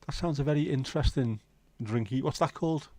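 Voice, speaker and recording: A man in his 50s hosts a livestream of casual chat, trading laid-back banter, dry jokes, and the occasional swear. His medium-pitched, dark-toned voice moves a little fast, with no room sound.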